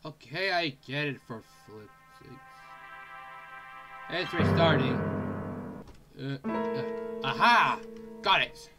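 A man giving let's play commentary on a horror game, excitable and jumpy, yelping and screaming and using mild swears. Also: on the high side, slow, pauses often, over loud music. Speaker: gaming channel host.

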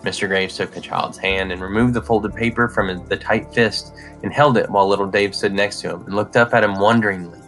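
A man reads a short story aloud in a measured, even storytelling manner. His voice sits on the low side. Faint music plays beneath. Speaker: narrator. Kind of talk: story reading.

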